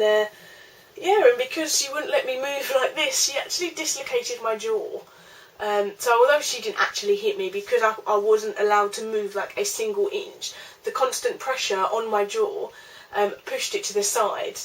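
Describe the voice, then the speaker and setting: A woman's voice: medium pitch, fairly bright tone, far from the mic, poor audio. A young woman telling a rambling storytime vlog, chatty, with lots of fillers. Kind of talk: casual storytime.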